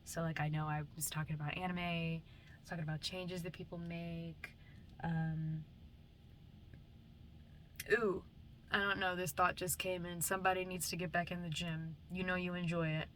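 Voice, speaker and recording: A woman's voice: on the low side, level tone, moderate pace, long pauses, a bit bright, slight background noise. A young adult woman vlogging at home at night, chatting in a drowsy, meandering way with casual swearing. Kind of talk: late-night rambling chat.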